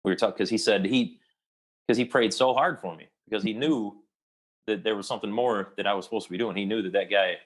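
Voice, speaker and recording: A man's voice: on the low side, fast. A young adult man, an actor, telling a long personal story in a casual interview and rambling with many restarts.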